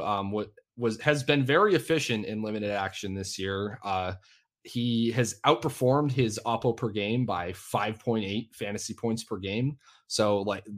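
A man co-hosting a fantasy football podcast, talking in a relaxed, self-deprecating way with halting restarts. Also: on the low side. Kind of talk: casual podcast chat.

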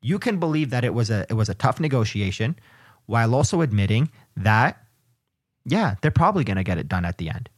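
A man co-hosting a sports podcast, talking in a casual, emphatic way. His pitch sits in the middle, and he drives his points home as if arguing a case. The sound is dry and close, with no room echo. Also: big pitch swings, brisk. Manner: emphatic, argumentative. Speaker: podcast co-host.

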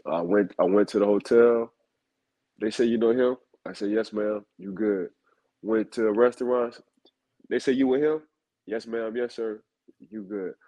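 A man's voice: on the low side, steady tone, unhurried, long pauses, dark tone, low-quality recording. A man co-hosting a football talk show, telling stories and repeating names for emphasis in casual chat. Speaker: football analyst co-host.

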